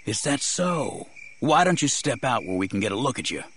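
A man's voice: mid-range voice, sing-song, moderate pace, fairly bright tone, a little hiss or hum. A man voicing a wary male leader of armed men who talks in a dry, bitter way.

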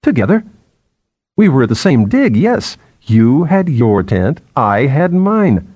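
A man's voice: mid-range voice, big pitch swings, slow, breathy edge, no room sound, muffled recording, voice pushed up, full character voice. A man voicing a curt, cool-headed female archaeologist in an audiobook. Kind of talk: audiobook character voice.

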